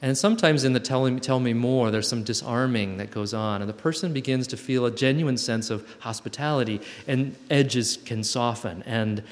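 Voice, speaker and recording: A man giving a gentle, reflective spiritual talk to a camp group, with playful asides, and reading old letters aloud. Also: medium pitch, normal speed, few pauses. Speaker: camp speaker. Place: hall with long reverb. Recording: live talk in a reverberant hall.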